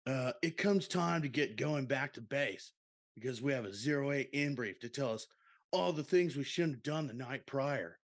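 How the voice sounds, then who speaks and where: A man's voice: medium pitch, normal speed, lightly acted. A man voicing a laid-back surfer-dude serviceman, drawling and dropping "dude" and "bro" as he reads a listener's party story. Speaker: podcast co-host reading a listener submission.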